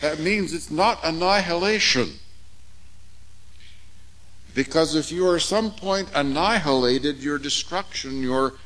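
A man preaching an expository sermon, measured and emphatic, with deliberate pauses on key words. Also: a little high, fairly bright tone, rough recording.

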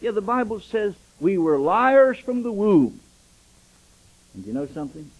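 Animated older male preacher, husky voice. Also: sits high, unhurried, low-quality recording. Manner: animated storytelling preacher, acting out dialogue. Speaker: pastor. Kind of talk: sermon.

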